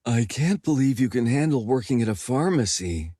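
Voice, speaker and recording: A man's voice: medium pitch, expressive, normal speed, mellow, no echo, studio quality, pitched above the performer's own voice, close to an everyday voice. A man doing a prickly witch woman. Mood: warning. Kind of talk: audiobook character voice.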